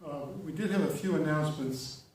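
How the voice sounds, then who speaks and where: A man's voice: on the high side, brisk, a little mellow, a little hiss or hum. A man leading a meeting and introducing the next item in a hesitant way, with many fillers. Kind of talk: meeting announcements. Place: meeting room in a building. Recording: very echoey and from far off.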